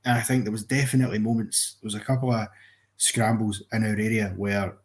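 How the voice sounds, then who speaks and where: A man calling into a live football fan stream, giving a measured, analytical take and thinking aloud. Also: lowish voice, flat delivery.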